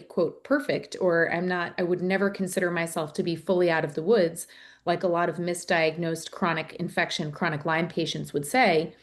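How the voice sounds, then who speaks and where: An earnest woman with a slightly low voice is a guest on a podcast, in a conversational interview. She explains things earnestly, with frequent fillers.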